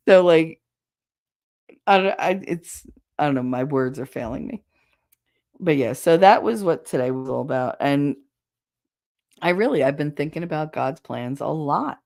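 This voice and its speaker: A woman host chatting casually and bluntly with viewers, swearing freely, her throat raw and hoarse. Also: deep voice, darkish tone. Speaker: show host reading viewer comments. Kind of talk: casual solo livestream chat.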